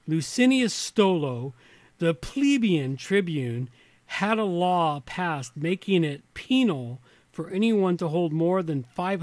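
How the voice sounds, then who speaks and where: A high-pitched man, recorded with no echo, hosts an informal livestream while slightly tipsy. He works through an old reference book aloud, stopping between passages for rambling, under-his-breath asides.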